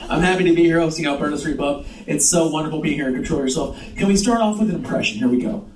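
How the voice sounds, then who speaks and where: A Mexican American man hosts a stand-up set on a pub stage, loud and working the live crowd, swearing and laughing a lot. His voice is a little high and fast. The pub sounds roomy, the mic is heard from a distance, and crowd noise fills the recording.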